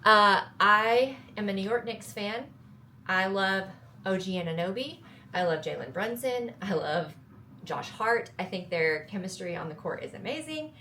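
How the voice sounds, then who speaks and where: A young woman with a Southern US accent chats to her viewers in a casual vlog. She sounds upbeat and playful, laughing at her own reasoning, her voice sitting at a mid pitch. A faint steady hum runs under her. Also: unhurried. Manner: chatty, upbeat, self-joking. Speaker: travel vlogger.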